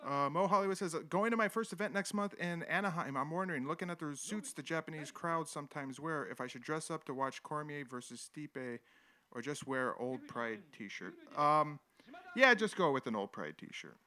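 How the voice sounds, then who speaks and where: A man's voice: a little high, animated, normal speed, sharp tone. A man hosting a live stream, casually commenting on old footage and reading chat aloud in an irreverent, rambling way. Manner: irreverent, rambling, chuckles often.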